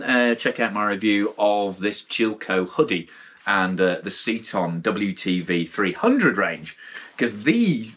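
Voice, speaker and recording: Low-voiced British man reviewing gear frankly. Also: fairly bright tone, slightly rough. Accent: British English. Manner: frank and rambling, with frequent restarts and blunt asides. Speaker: mountain bike gear reviewer, channel host. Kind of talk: casual spoken product review.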